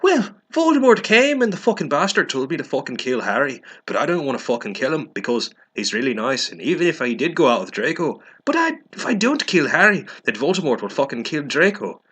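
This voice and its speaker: A man's voice: fairly high pitch, wildly swooping pitch, brisk, hardly any pauses, fairly bright tone, breathy edge, pitched above the performer's own voice, exaggerated voice. A man voicing a furious teenage goth girl, screeching and swearing angrily.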